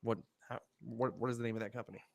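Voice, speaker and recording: Profane, animated man telling stories. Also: medium pitch, fast, creaky. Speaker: podcast co-host. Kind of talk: casual podcast chat.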